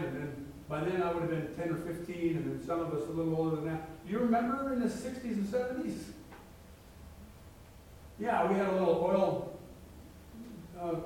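A man's voice: sits high, slight background noise. A middle-aged man preaching a sermon as a pastor, reading scripture aloud with emphatic rises. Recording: very echoey hall, mic far off.

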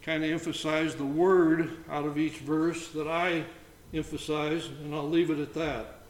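A man leading an informal Bible study, reading scripture aloud between halting comments. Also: a little high, flat delivery. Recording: roomy echo, faint background noise.

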